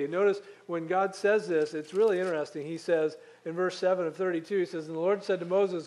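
A man's voice: high voice, fairly even intonation, quick pace, few pauses, darkish tone. A man preaching a conversational Bible-teaching sermon, walking through scripture with frequent ums and restarts. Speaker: pastor.

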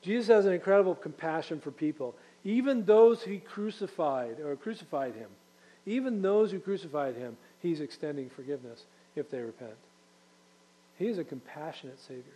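A man's voice: fairly high pitch, expressive, normal speed, mellow, rough recording. A man preaching a sermon in a conversational way, repeating key phrases for emphasis. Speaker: pastor.

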